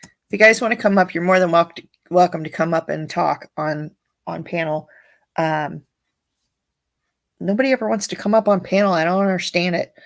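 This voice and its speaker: A woman's voice: lowish voice, moderate pace, vocal fry. A woman hosting a casual livestream, reading viewer comments aloud and chatting bluntly, with frequent swearing and laughter. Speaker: livestream host.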